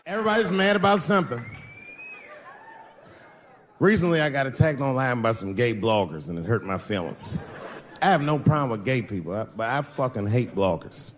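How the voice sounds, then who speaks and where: Male stand-up comic, lively swinging pitch, profane, big reverberant venue with faint room ambience. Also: normal speed, pauses often, a little hiss or hum. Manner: animated, profane, jumps between voices. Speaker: stand-up comedian. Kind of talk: stand-up comedy routine.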